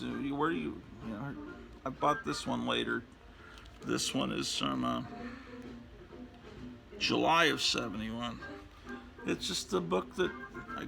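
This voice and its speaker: Slow, very gravelly man in his fifties. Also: a little high, poor audio. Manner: rambling, reminiscing, many fillers. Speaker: comic book collector and host. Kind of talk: casual show-and-tell monologue. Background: background music.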